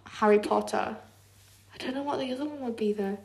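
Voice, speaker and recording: A woman's voice: fairly high pitch, gravelly, a little mellow. Chatty young woman podcast co-host. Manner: chatty, gushing fan talk with quick asides. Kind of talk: casual chat.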